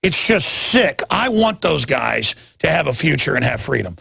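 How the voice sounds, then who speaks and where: Gravelly ranting talk radio host. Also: male voice, fairly high pitch, big pitch swings, normal speed. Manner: ranting, rambling, with sudden loud emphatic jumps.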